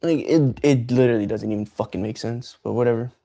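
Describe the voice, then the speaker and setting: Profane, frustrated man with mellow voice. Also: mid-range voice, quick pace. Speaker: streamer. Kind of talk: casual livestream rant.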